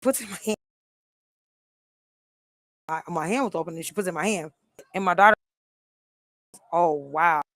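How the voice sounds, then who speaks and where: A middle-aged woman hosting a live stream, telling a story in an animated, emphatic way with many restarts. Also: fairly low pitch, fairly quick, long pauses, dry recording. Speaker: host.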